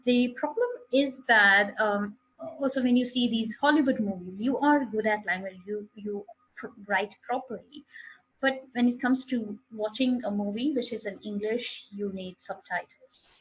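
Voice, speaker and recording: A woman's voice: mid-range voice, normal speed, slightly rough, dull audio. A woman teaching a live online English speaking class, explaining with repeated and restarted phrases.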